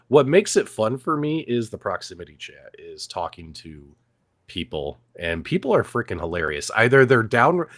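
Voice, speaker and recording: A man with a lowish voice on a live stream, talking loosely and easily about games. He rambles a little and jumps into lively quoted voices for effect. The sound is dry and close, with no room around it. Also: dry recording. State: recovering from being sick. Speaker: co-host. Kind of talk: casual live-stream chat. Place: Arizona.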